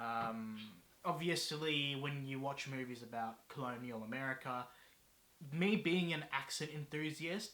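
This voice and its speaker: Man guest reviewer, hesitant and halting, bright tone, roomy echo. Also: mid-range voice. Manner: hesitant, many ums, restarts sentences. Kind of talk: casual movie review chat. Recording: echoey room.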